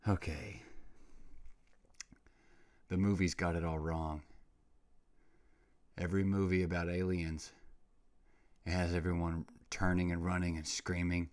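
Deep-voiced man ranting on a comedy podcast. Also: a little slow, long pauses. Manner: rambling, excitable, slangy with frequent "dude". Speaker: podcast host. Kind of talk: comedic solo podcast rant.

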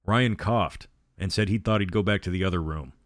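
A man's voice: low-pitched, a little fast, dry recording, clean studio sound. A man narrating a horror novel aloud, reading every character in his own voice. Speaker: storyteller.

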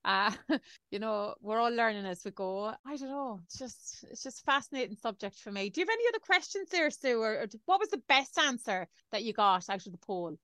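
A middle-aged Irish woman in casual chat as a podcast co-host, telling stories about her kids and getting animated in the retelling. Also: a little high, brisk, smooth, dry recording. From Ireland. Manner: chatty storyteller, animated when telling anecdotes.

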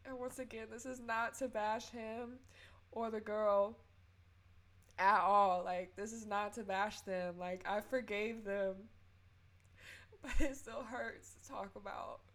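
A woman's voice: medium pitch, steady tone, slow pace, fairly bright tone. A young woman hosting a podcast, sharing a personal testimony in an earnest, tearful way and offering faith-filled encouragement. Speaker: podcast host.

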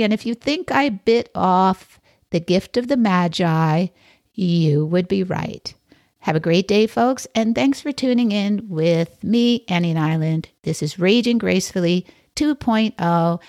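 A woman's voice: medium pitch, animated, unhurried, darkish tone, dry recording, clean studio sound. A woman hosting a podcast, telling a story casually with wry, chatty asides to her listeners. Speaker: podcast host.

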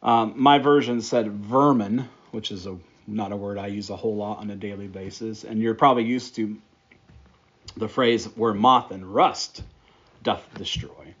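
A man's voice: lowish voice, steady tone, moderate pace, breathy edge, dull audio. A man preaching a sermon, praying and then teaching through a Bible passage with emphatic, repeated phrases. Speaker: pastor.

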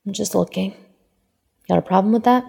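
A grouchy old man snaps out curt, swearing lines with a soft tender streak underneath, as a woman reads him aloud. The voice is gravelly and mellow. A long reverb trails every word. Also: sits low, fairly quick, exaggerated voice. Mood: gruff tender. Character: cranky grouchy elderly man, gruff but tender. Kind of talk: fan fiction reading.

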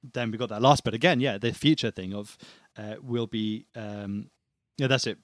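A man's voice: on the low side, moderate pace, no room sound, studio quality. A British man with a slightly Americanized accent, co-hosting a casual podcast and talking thoughtfully about doctrine. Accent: British, somewhat Americanized. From Britain. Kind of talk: casual chat about hymns.

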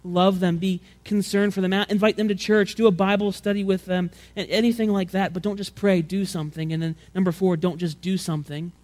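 High-voiced man preaching conversationally. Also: level tone, fairly quick, few pauses, a little mellow. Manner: conversational preaching, acts out quotes with rising pitch and volume; frequent repeated words and restarts. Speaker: pastor. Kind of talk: sermon.

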